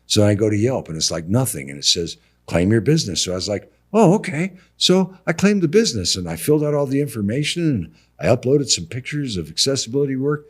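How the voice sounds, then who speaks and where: A man's voice: mid-range voice, quick pace, few pauses, husky. A middle-aged man, a contractor on a podcast, telling stories casually and acting out both sides of conversations with slangy asides. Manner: animated, acts out dialogue, slangy with "bro" and "dude". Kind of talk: casual storytelling interview.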